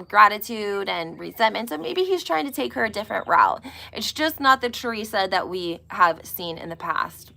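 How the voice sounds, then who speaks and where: A woman's voice: mid-range voice, gravelly, bright, forceful tone. A woman chatting casually on a live stream about reality TV, often checking in with her viewers by asking "okay?" and "right?". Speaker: celebrity gossip vlogger.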